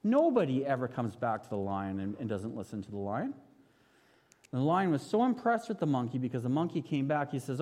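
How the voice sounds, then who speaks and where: In a hall with long reverb, a preacher in his 30s delivers a story-driven sermon, quizzing his audience as he goes. His medium-pitched voice is very animated, fairly quick, and darkish in tone.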